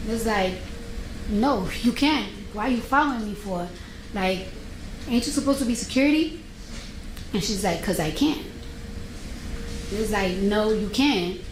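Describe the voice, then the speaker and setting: A woman's voice: medium pitch, reverberant, noisy background. A woman testifying in court, animatedly retelling a confrontation and quoting both sides. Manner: animated retelling with quoted dialogue. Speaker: witness testifying.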